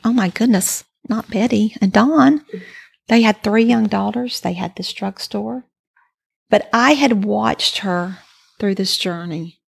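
A woman's voice: medium pitch, vocal fry. A woman speaking as a podcast guest, sharing a personal faith testimony in an earnest, reflective way.

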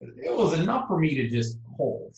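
A man talking as a guest in a casual chat, telling stories in a relaxed way. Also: on the high side, normal speed, creaky, echoey room, lo-fi sound.

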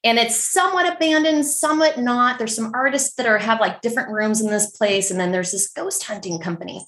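A middle-aged woman from San Francisco, telling a story as a podcast guest in a chatty, animated way full of fillers. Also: on the high side, fairly quick, roomy sound. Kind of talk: casual storytelling.

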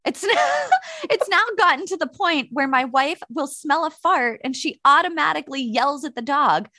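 A woman trades blunt, profane banter and laughs easily. Her voice sits a little high and swings with lively pitch. The recording is dry and close. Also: no echo. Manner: blunt, swears freely, quick to laugh. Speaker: podcast co-host. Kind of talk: casual comedic chat.

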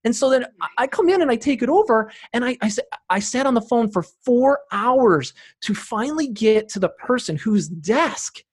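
A man's voice: very high-pitched, expressive, normal speed, few pauses, husky. Emphatic man telling business stories. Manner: emphatic, repeats key phrases, rising to loud bursts. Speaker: guest, practice owner and CEO. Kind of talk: podcast interview storytelling.

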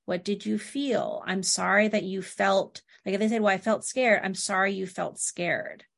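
A woman's voice: mid-range voice, fairly even intonation, normal speed, creaky, fairly bright tone. A middle-aged woman, a therapist guest, talking casually in an interview and telling stories with quoted dialogue. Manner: anecdotal, quotes clients and family in dialogue. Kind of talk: conversational interview.

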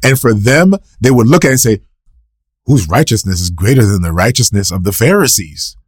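With an expressive, slightly rough voice and a fairly quick pace, a man preaches in a clean studio podcast recording without room sound. He answers questions he asks himself, repeats scripture quotes, and gets sharply higher and louder for emphasis.

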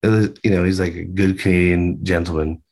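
A man's voice: low-pitched, fairly even intonation, a little fast, a little mellow. A man, a band member, chatting loosely in a video-call interview, rambling with lots of fillers and the odd swear.

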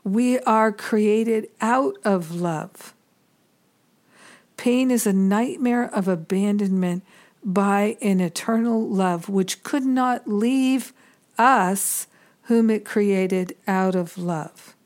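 A woman giving a reflective spiritual teaching talk, measured and earnest, pausing often between thoughts. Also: mid-range voice, darkish tone.

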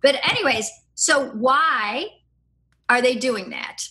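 A middle-aged woman, a podcast guest, chatting and explaining at length in a lively, rambling way, with laughs and restarts. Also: high-pitched, slow pace. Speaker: podcast guest, free-play advocate. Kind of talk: casual conversational explaining.

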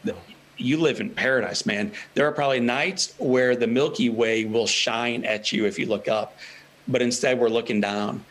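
A man's voice: medium pitch, normal speed, fairly bright tone, poor audio. A man speaking as a guest author in an interview, earnest and encouraging, building his points through repetition. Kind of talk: interview answers.

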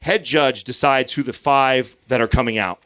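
A man's voice: mid-range voice, normal speed, sharp tone. A man in his thirties hosting a podcast, telling a long story in casual chat, swearing freely and acting out what others said. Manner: profane, storytelling with acted-out quotes. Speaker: podcast host.

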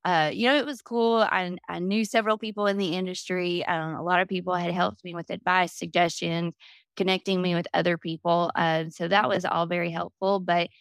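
A woman's voice: lowish voice, steady tone, a little fast, gravelly, smooth, no room sound. A woman guest on a podcast, telling her story candidly and with lots of fillers. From Florida. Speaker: podcast guest, business owner. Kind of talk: casual interview talk.

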